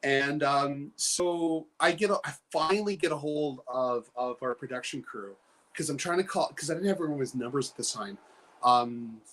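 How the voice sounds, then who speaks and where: A man's voice: on the high side, moderate pace, a bit bright. Man telling a rambling story. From Canada, British Columbia. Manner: rambling storyteller with frequent fillers and laughter. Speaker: guest. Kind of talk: casual anecdote telling.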